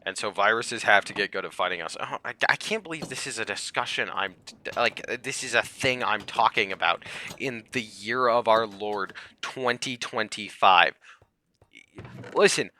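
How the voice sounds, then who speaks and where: Bright-voiced ranting man. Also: fairly low pitch, moderate pace, a little hiss or hum. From United States. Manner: heated, sarcastic ranting that swings between loud yelling and muttering. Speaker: comedian vlogger. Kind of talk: comedic rant to camera.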